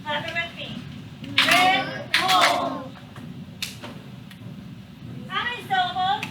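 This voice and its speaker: A woman's voice: very high voice, very noisy. A woman teaching a classroom phonics lesson, patiently drawing out the sounds of each word. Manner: patient, drawn-out sounding of words. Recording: echoey classroom from far off.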